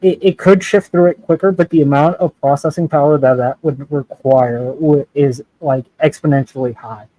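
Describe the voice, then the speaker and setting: A man speaks over a video call in a casual debate, hesitant and agreeable, with many fillers. His voice is mellow and dark. The sound is dry and close. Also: on the high side, steady tone, moderate pace, few pauses, no echo, low-quality recording. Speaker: debate panelist.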